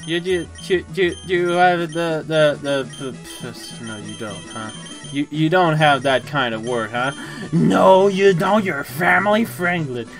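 A young adult streamer giving casual, excitable commentary while gaming, swearing, laughing often and stammering. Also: mid-range voice, a little slow, soft background music.

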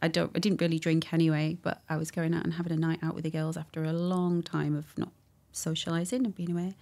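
A woman telling a personal story as a guest in a candid conversation, animated and acting out what people said, with frequent laughs. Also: deep voice, fast talker. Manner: animated, acts out quotes, laughs often.

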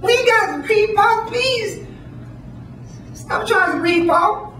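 A man's voice: extremely high pitch, expressive, slow pace, pushed and bright, slight background noise, pitched above the performer's own voice, exaggerated voice. A man voicing a frightened young son who begs his father to stop. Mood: pleading. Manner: pleading, begging, repeats "Paul". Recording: echoey room, distant mic.

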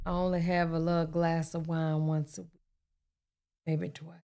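A woman's voice: sits low, flat delivery, moderate pace, mellow. A woman hosting a reaction video, dropping amused, casual comments between clips. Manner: amused, laughing asides. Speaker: reaction channel host.

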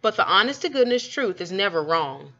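A woman voicing a gentle, patient mother who speaks soothingly. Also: medium pitch, very animated, brisk. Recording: dull lo-fi recording.

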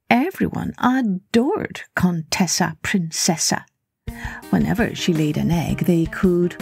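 A woman hosting a children's podcast, telling a story in an expressive, unhurried read-aloud manner. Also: lowish voice, gravelly, soft background music.

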